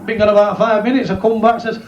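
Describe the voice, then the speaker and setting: A man's voice: high voice, level tone, fast, lo-fi sound. A man telling crude jokes and bantering cheekily with the crowd at a club. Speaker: club comedian. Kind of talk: bawdy stand-up joke telling. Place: pub or working men's club. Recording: echoey live club recording with loud crowd noise.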